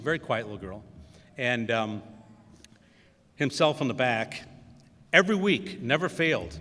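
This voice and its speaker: A man's voice: mid-range voice, a bit bright. Middle-aged man, commencement speaker, loose anecdotal delivery, long hall reverb. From Wisconsin. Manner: storytelling with many fillers and acted quotes. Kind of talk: anecdotal speech. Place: large hall.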